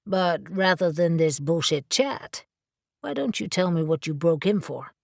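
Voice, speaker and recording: Brief: woman reading a sardonic tough-guy dealer, low voice, blunt and profane. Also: lively intonation, unhurried, gravelly, a little mellow, no echo, clean studio sound. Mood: gruff. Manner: blunt, sarcastic, swears. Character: gruff blunt male supernatural dealer.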